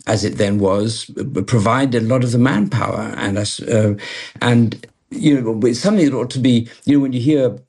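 Male panel voice, husky, stammering, emphatic. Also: medium pitch, normal speed, darkish tone. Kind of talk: radio discussion.

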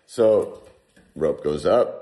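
A man's voice: sits low, very slow. A man telling a personal story casually to an interviewer, often saying "like". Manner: animated, heavy use of "like". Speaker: guest telling a survival story.

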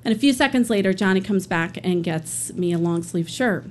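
A woman tells a true story from her own life to an audience, earnest and steady. She acts out the lines of the people she meets. A faint hum of noise sits behind her voice. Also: mid-range voice, normal speed. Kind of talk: live personal storytelling.

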